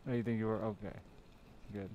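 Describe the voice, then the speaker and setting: A man's voice: lowish voice, fairly even intonation, brisk, muffled recording, slight background noise. A man streaming a game live, chatting casually with viewers in a sardonic, teasing way and swearing freely. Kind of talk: casual gaming stream chat.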